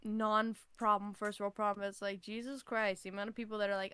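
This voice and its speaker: A woman's voice: medium pitch, flat delivery, fairly quick, hardly any pauses, a bit bright, clear, resonant tone, no echo. A young woman co-hosting a podcast in casual chat, swearing, laughing and mocking herself. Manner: swearing, laughing, jokey self-mockery. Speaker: podcast co-host.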